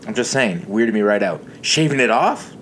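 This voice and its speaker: A man's voice: on the low side, animated, normal speed, fairly bright tone, a little hiss or hum. A young man co-hosting a podcast, trading casual, profane banter with a friend. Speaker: podcast co-host.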